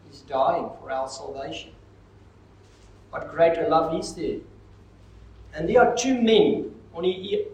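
A man delivers a sermon at an unhurried pace, his slightly high voice rising into emphatic swells and dropping into quiet pauses. The sound is roomy and reverberant, with the mic some distance away and faint room noise behind. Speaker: pastor. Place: church. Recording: echoey hall, mic far off.

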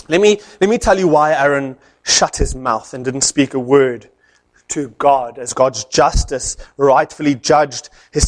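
A man preaching a sermon, telling a story in an animated way with dramatic pauses. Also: fairly high pitch.

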